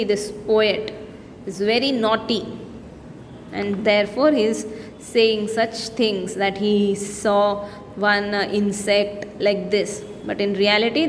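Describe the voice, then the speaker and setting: Indian woman teacher explaining a poem. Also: medium pitch. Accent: Indian English. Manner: reads poem lines aloud then explains in simple words, mixing Hindi. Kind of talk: explaining a poem to young students. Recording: long-reverb room with faint background noise.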